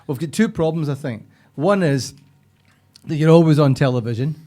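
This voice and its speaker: Laughing podcast host. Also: male voice, on the high side, animated, moderate pace, warm tone. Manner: chatty, laughs easily. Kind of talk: casual podcast chat.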